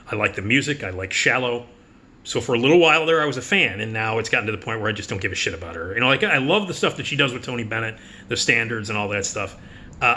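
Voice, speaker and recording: A man's voice: on the low side, pushed and bright. A man giving a casual preview of upcoming movies as a critic, blunt and profane, with sarcastic asides. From United States. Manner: does quick mocking impressions. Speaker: film critic.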